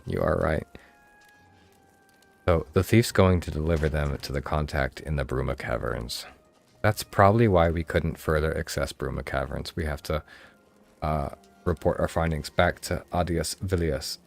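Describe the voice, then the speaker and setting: A man's voice: rumbling low, creaky. A man with a Mid-Atlantic American accent giving casual, chatty gameplay commentary as a streamer. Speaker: game streamer.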